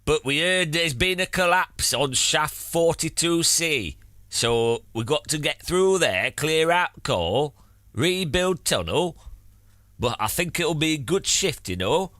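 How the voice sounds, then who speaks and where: Comic bit: a man as a jokey Northern English coal miner, drawn-out bright delivery, curses freely. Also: a little high, expressive, no room sound, studio quality, exaggerated voice. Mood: jovial. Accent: Northern English (put on). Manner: swears constantly, drops articles, bluff and jokey. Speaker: live streamer. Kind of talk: comic put-on voice on a live stream.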